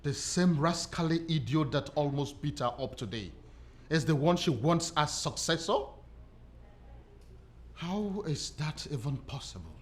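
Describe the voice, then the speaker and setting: A man's voice: a little high, animated, unhurried, a little hiss or hum. A middle-aged man with a Nigerian accent playing a weary royal father. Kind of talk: film acting.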